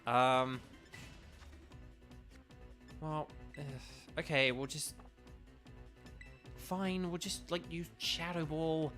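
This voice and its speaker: A man's voice: fairly high pitch, level tone, drawn-out words, long pauses, fairly bright tone, faint music behind. A young man chatting casually with his stream viewers while playing a game, rambling with lots of fillers. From United Kingdom. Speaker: gaming streamer.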